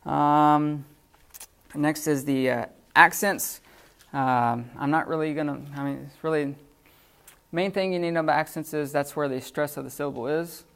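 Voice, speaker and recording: A man teaching a Greek class in a classroom, in an informal, halting manner with many fillers. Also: fairly high pitch, gravelly, a bit bright, clean tone. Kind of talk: classroom lecture.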